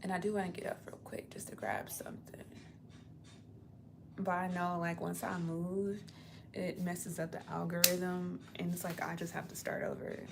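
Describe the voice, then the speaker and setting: A woman's voice: lowish voice, flat delivery, normal speed, gravelly, noisy background. A young woman chatting on a casual livestream from her apartment, rambling and laid-back, sounding tired. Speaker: livestream host.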